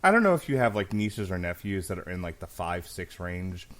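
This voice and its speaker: A man's voice: deep voice, very animated, a little fast. A man in his thirties co-hosting a podcast, chatting casually and telling stories with plenty of swearing and jokes. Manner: profane, storytelling, jokey. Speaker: podcast co-host. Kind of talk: casual chat.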